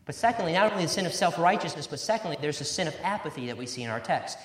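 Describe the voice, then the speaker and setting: High-voiced preacher in an echoey church. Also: male voice, expressive, racing, few pauses. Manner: emphatic, repeats key words, quotes scripture in old-fashioned wording. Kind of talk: sermon. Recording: roomy echo.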